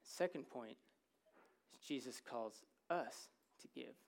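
A man's voice: medium pitch, slow, creaky. A man preaching a sermon to a congregation in a church, in a conversational, humorous way, often checking in with "right?".

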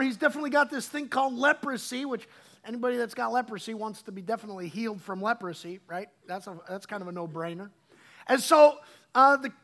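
A woman pastor preaching a sermon, telling a Bible story in a casual, chatty way with many restarts and fillers. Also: sits high. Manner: soft, quiet opening prayer.

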